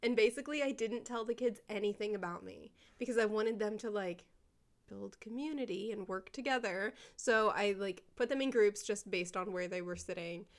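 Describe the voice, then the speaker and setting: A woman's voice: medium pitch, normal speed. A young woman, an elementary school teacher, telling classroom stories in a casual chat, often giggling. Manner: giggly, animated storytelling with quoted kids.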